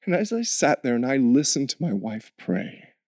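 A man, a missionary, tells his story in an animated way with frequent laughs, then slows into an earnest prayer. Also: mid-range voice, no room sound, studio quality. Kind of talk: testimony story ending in prayer.

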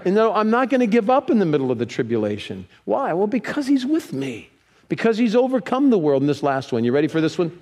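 A man preaching a sermon in a church, lively, leading the congregation in reading scripture aloud. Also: sits high, fast talker. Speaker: pastor. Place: church sanctuary. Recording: long reverb of a church hall.

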